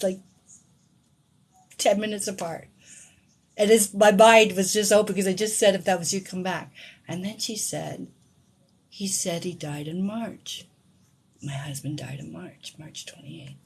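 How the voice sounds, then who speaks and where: A middle-aged woman and tarot reader telling a personal story to her viewers, shifting between hushed whispers and excited outbursts. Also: mid-range voice, slightly rough.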